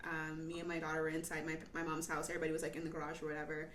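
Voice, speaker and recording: Fast-talking excitable podcast guest. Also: female voice, low-pitched. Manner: fast, excitable, whispers asides. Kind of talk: casual chat. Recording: echoey room with faint noise.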